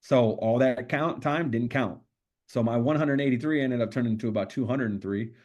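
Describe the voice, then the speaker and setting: A man's voice: medium pitch, a little fast, darkish tone. Blunt, profane man telling his story. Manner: casual, profane, streetwise storytelling. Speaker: podcast guest. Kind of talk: candid storytelling interview.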